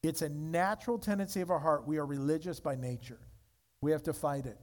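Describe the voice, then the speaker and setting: A man preaching a sermon as pastor, emphatic, with wide swings between loud high peaks and low quiet stretches. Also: brisk.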